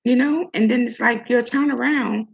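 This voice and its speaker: A woman's voice: fairly high pitch, normal speed, vocal fry, breathy edge. An older woman hosting an opinion commentary vlog, sassy and talking straight at the person she criticizes. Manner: sassy, talks straight at her subject. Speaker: host. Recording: dull lo-fi recording.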